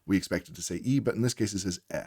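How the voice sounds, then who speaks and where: Man, very low voice, reading tutor, patient step-by-step explanation, dry close recording. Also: very fast, darkish tone, husky, no echo. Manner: patient, walks through sounds letter by letter. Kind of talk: instructional explainer lesson.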